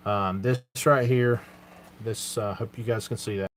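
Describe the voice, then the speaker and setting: A man's voice: mid-range voice, moderate pace. A man hosting a casual live Q&A, talking in an earnest, plain-spoken way with lots of fillers. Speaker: channel host answering viewer questions.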